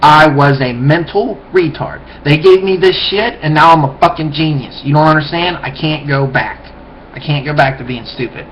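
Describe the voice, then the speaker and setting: A man's voice: a little high, moderate pace, fairly bright tone, close to an everyday voice. A man doing a frantic newly brilliant guy. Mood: agitated. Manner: ranting, emphatic, profane. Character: frantic man newly turned genius, refusing to return. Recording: dull lo-fi webcam audio, faint hiss.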